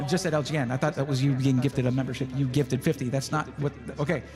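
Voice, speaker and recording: A man hosting a live stream, excitedly reading out names in quick bursts, his voice going hoarse. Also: mid-range voice, music in the background. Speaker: livestream host.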